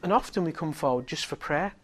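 A middle-aged man with a slightly raised voice tells a sermon story. He swings from hushed, near-whispered moments to loud, excited exclaiming. He is a lively preacher. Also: on the high side, brisk.

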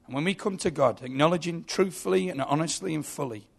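Gravelly preacher. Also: male voice, a little high, fast talker. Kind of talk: sermon.

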